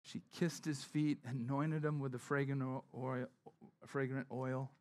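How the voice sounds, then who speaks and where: A male preacher giving a sermon as conversational storytelling, often dropping to a soft, hushed tone. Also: mid-range voice, little pitch movement, measured pace.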